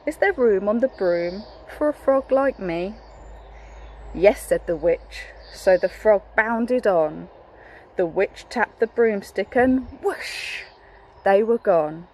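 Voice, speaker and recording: Young woman teacher reading a picture book to kids, slow, keeps asking them questions, encouraging. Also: medium pitch, a little mellow, rough recording. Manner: encouraging, asks the children questions.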